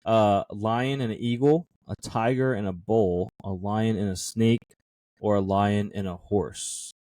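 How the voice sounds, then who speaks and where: A man co-hosting a podcast, reading trivia questions aloud in a casual chat, laughing often and thinking out loud over the answers. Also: on the low side, steady tone, unhurried, no echo.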